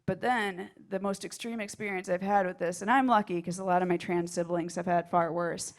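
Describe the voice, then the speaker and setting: A woman's voice: on the low side, steady tone, brisk. A stand-up comedian on a club stage, talking in a rambling, self-deprecating way and laughing at her own jokes. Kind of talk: stand-up set.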